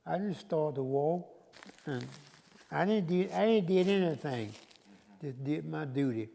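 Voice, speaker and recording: Slow gravelly old man reminiscing. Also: a little high, expressive, mellow, in a large hall. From United States. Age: 90s. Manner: halting, repetitive storytelling. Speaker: war veteran interviewee. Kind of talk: interview recollection.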